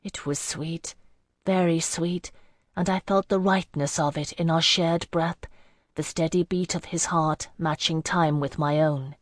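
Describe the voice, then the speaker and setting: Low-voiced woman narrating a fantasy audiobook. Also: fairly even intonation, unhurried, no echo, clean studio sound. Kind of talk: scripted first-person fantasy narration.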